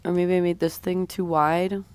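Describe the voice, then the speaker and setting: A woman's voice: fairly low pitch, little pitch movement, normal speed, darkish tone, clear, resonant tone, no echo. A woman streamer chatting casually with her viewers while she draws, her voice sounding a bit sick. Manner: chatty, talks while drawing, reads and answers chat. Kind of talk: casual drawing livestream chat.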